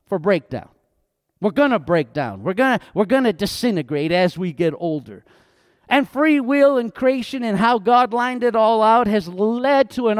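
A man's voice: very high voice, dry recording, studio quality. A middle-aged man, a pastor, preaching an earnest, conversational sermon that rises into emphatic outbursts.

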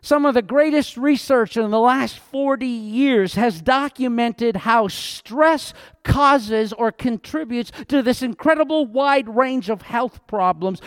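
A man's voice: extremely high pitch, clear, resonant tone, dry recording, studio quality. A middle-aged man, a pastor, preaching an earnest, conversational sermon that rises into emphatic outbursts.

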